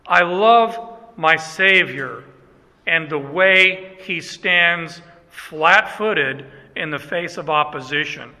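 A male pastor preaches in a folksy, self-deprecating way, stopping to restart his phrases. His voice sits high and sounds very bright. The words carry a long echo through a church hall. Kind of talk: sermon. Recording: echoey hall.

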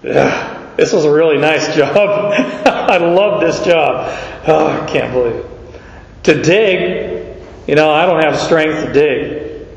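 Preacher acting out a fretful steward about to be fired, groaning, with a slightly high voice, echoing in a big hall. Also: male voice, takes it slowly, vocal fry. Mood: dismayed. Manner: groaning, self-pitying. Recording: echoey hall, dull sound.

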